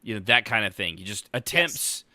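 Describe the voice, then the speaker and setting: A man's voice: fairly low pitch, expressive, moderate pace, pushed and bright, no echo. A man co-hosting a casual podcast about role-play, rambling and joking, with the odd swear word. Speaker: podcast co-host. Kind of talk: casual chat.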